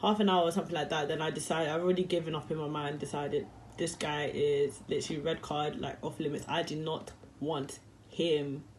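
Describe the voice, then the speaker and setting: A woman's voice: low voice, fairly even intonation, fairly quick, a little mellow, a little hiss or hum. A young woman telling a story to camera in a rambling, slangy, chatty way and laughing easily. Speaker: vlogger.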